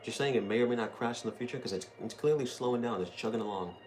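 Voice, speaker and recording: With a medium-pitched, slightly mellow voice, a young streamer chats quickly through his gameplay, joking, rambling, and thinking aloud against noisy game capture.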